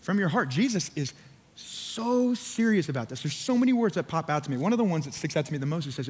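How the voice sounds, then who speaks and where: A man's voice: a little high, sing-song, fast talker, breathy edge. A man preaching a sermon as pastor, casual and conversational, with lots of "like" and acted-out voices for the people in the story. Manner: conversational, filler-heavy preaching with acted-out quotes. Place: church sanctuary. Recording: church hall reverb.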